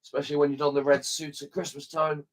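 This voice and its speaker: A man co-hosting a livestream, giving brief, low-key replies in casual chat. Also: level tone, fast talker. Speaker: livestream co-host.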